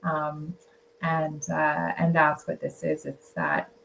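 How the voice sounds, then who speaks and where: A woman's voice: low voice, little pitch movement, slow pace, creaky, a bit bright, a little hiss or hum, rough recording. A woman author talking casually as a podcast guest, rambling a little with many fillers and restarts. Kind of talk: casual interview chat.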